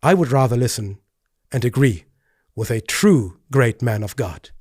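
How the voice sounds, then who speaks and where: A man, a pastor hosting a commentary video, speaking earnestly with stammered restarts and rising pitch when indignant. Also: lively intonation, unhurried, a little mellow, slightly rough, no echo, clean studio sound. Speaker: pastor and host. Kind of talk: video commentary responding to clips.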